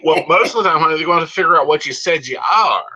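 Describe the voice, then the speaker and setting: Sharp-voiced man on a lo-fi line. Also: a little high, animated, fast. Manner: emphatic, confident, calls people honey. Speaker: psychic co-host. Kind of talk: casual chat on a live show. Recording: dull lo-fi audio.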